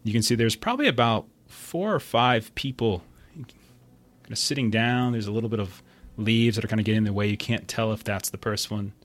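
A man narrating a tabletop game as game master in a relaxed, descriptive way, full of casual fillers. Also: fairly low pitch, fairly quick.

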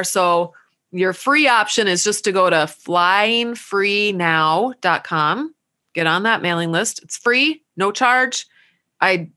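An upbeat woman hosting a podcast, talking in a chatty, casual way. Her voice is bright and forward. Now and then she slows right down to spell out a web address. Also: on the low side. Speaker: podcast host.

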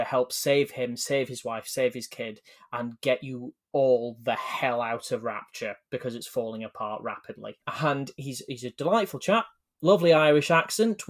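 A man co-hosting a casual gaming podcast, explaining things at length with many ums and halting restarts. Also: medium pitch. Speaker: podcast co-host.

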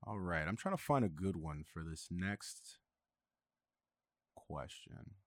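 A man hosting a podcast in casual chat, halting and full of fillers, often restarting his sentences. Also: sits low, animated, dry recording, clean studio sound. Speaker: podcast host.

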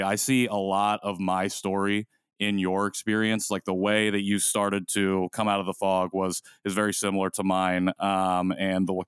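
Man, co-host, deep voice, earnest, measured, dry sound. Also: clear, resonant tone, no room sound. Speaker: podcast co-host. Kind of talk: casual podcast talk.

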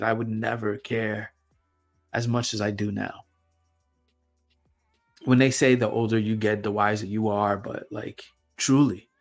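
A young man hosting his own show, talking through personal reflections in a halting way with lots of fillers and repeated words. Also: on the low side, creaky. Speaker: podcast host. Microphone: camera mic.

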